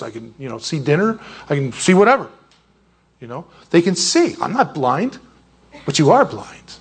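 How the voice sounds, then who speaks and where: Husky-voiced man preaching conversationally. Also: high voice, moderate pace. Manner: conversational, rambling, animated. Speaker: pastor. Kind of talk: sermon.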